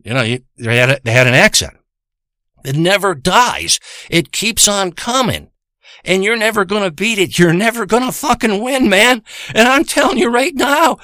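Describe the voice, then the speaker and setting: A man's voice: on the high side, sharp tone, no echo, clean studio sound. A man delivering a crude, heavily profane comic rant full of warnings to the listener.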